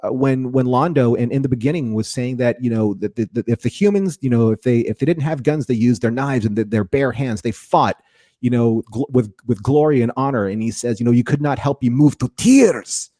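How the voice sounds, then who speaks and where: Speaking fairly quickly in a dark-toned, medium-pitched voice, a male podcast co-host rambles through a casual review chat. He often repeats words and restarts sentences. The studio audio is clean, with no room sound at all.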